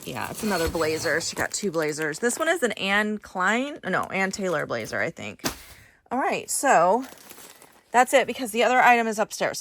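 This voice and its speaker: A middle-aged woman with a fairly low voice talks to her viewers in a loose, rambling way as she moves around her storage shelves. She is recorded on a camera she carries with her, so faint noise sits in the background and her voice sometimes drifts away from the mic. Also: fairly bright tone. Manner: chatty and rambling, talking to viewers while searching shelves. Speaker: reseller vlogger. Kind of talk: casual work-with-me vlog narration. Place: home storage area with shelves and bins.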